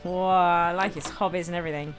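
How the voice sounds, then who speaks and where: Game music runs under the voice of a woman who comments casually while playing a farming game for her gaming video. Her lowish voice is steady and brisk, and she comes across as chatty and quick to be delighted.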